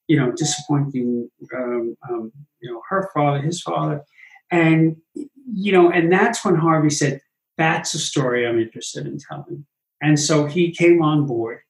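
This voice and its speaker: A Broadway producer in an interview tells his stories with energy and acts out other people's lines. His voice sits a little high for a man. The room around him echoes. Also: creaky. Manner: animated anecdotes, acts out quotes. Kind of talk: interview storytelling.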